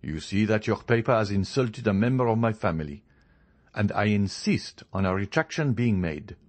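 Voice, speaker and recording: A man's voice: lowish voice, lively intonation, a little slow. A man reading a proud young nobleman in a storybook, speaking coldly, formally and with determination. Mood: indignant.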